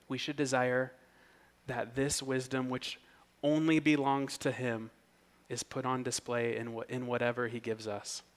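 A man preaching an expository sermon, earnest and emphatic, whose voice rises in pitch and volume when he reads scripture aloud. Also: little pitch movement, normal speed. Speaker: pastor.

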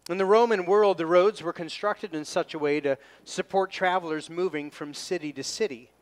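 Guy preaching a sermon, kinda high voice, punches key words and slows right down on the verses. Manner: emphatic, slows down to stress scripture readings. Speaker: pastor. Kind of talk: expository sermon.

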